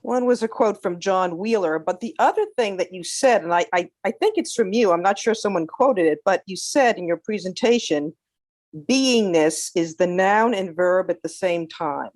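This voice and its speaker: Effusive woman asking a halting question. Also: lowish voice, animated, a little mellow, dry recording. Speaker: audience member asking a question.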